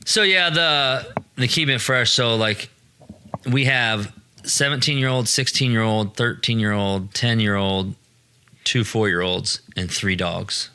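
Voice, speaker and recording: A man in his thirties hosts a casual podcast chat, rambling from story to story and swearing as he goes. His voice is bright and forward. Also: lowish voice, a little slow, clear, resonant tone. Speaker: podcast host.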